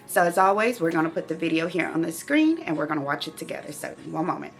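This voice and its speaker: Gravelly low-voiced woman vlog host. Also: expressive, fast, slight background noise. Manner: emotional, speaks directly to viewers. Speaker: channel host living with myeloma. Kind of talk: heartfelt casual vlog talk.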